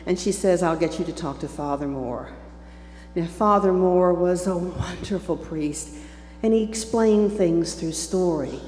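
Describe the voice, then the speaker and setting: A woman's voice: lowish voice, a little slow, darkish tone. A woman in her seventies telling a personal story to a church congregation, acting out the voices of the people in it. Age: 70s. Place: church sanctuary. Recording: echoey church hall with faint hum.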